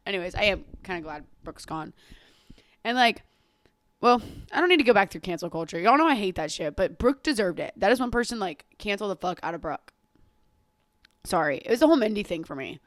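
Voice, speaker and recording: A woman's voice: mid-range voice, dry recording. A young woman in her twenties chats through her solo podcast, cursing freely and gushing over celebrities. She rambles, laughs and keeps apologizing. Her voice is close and dry, with no room sound. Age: 20s. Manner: animated, gushing about pop culture. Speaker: podcast host. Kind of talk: casual solo podcast chat.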